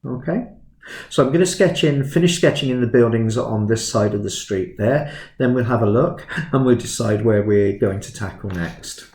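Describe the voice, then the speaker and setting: A man in his fifties giving a relaxed sketching tutorial, chatty and self-deprecating, drifting into stories as he works. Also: medium pitch, moderate pace, roomy sound, slight background noise. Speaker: art tutor.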